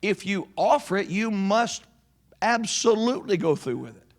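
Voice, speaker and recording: Animated high-voiced pastor. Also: male voice. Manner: animated, slows to stress points. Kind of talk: sermon.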